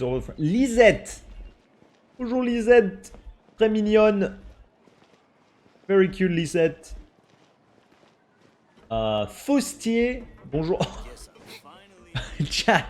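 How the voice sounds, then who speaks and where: Lively French-accented young man, unhurried chat. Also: medium pitch. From France. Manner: chatty, reads names aloud and laughs at them. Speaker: streamer. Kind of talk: casual live-stream chat.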